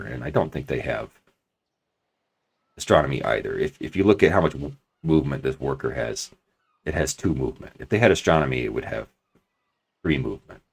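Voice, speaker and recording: With a gravelly, husky bass, a let's-play commentator narrates his own strategy game in real time. He mulls over his plans at length, hedging and starting over as he thinks aloud.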